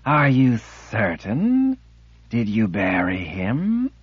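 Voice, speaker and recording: A man voicing a cold, sinister sorceress in black, who speaks slowly and softly, cooing. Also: lowish voice, wildly swooping pitch, husky, no echo, dull audio, heavily acted. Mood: mildly curious. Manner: slow, cooing and soft.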